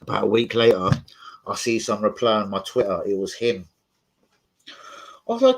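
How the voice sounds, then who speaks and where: A man's voice: sits low, quick pace, poor audio. A man chatting live on his stream, telling rambling, profane stories full of slang.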